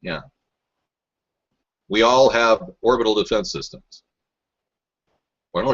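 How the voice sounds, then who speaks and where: Male host, husky voice, combative and sarcastic, dull lo-fi webcast sound. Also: fairly low pitch, slow, long pauses. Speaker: talk show host. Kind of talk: rambling political talk, answering live chat.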